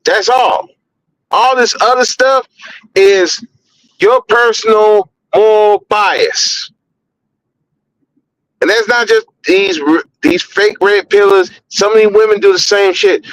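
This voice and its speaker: Blunt high-voiced man ranting on a podcast. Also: expressive, unhurried, fairly bright tone, rough recording. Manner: blunt, profane, repeats words when heated. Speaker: podcast host. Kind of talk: opinionated podcast commentary.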